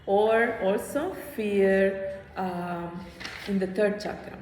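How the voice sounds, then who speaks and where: A woman yoga teacher guides her students in a lively, hands-on way, stopping often to check that they follow. Her voice rings around a roomy hall with a long tail of reverb and a faint hum of ambience behind it. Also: medium pitch, slow pace. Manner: animated, checks in with "hmm?", acts out inner voices. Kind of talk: teaching a small class.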